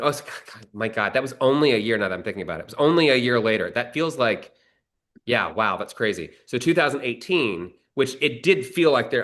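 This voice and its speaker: In a mid-range, fairly bright voice, a male screenwriter tells a drawn-out story casually. He wanders, restarts a lot, and drops some swear words along the way.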